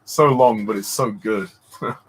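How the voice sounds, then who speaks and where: A man's voice: a little slow, husky. A man giving casual fan commentary on a film, enthusiastic and laughing a lot. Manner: laughing, enthusiastic, swings widely in pitch. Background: film soundtrack music playing.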